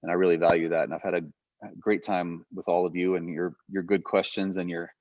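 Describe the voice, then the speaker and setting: A man's voice: deep voice, level tone, fairly quick. A man giving a guest lecture in a loose, conversational way, thinking aloud with frequent fillers. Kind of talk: conversational teaching. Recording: muffled lo-fi audio.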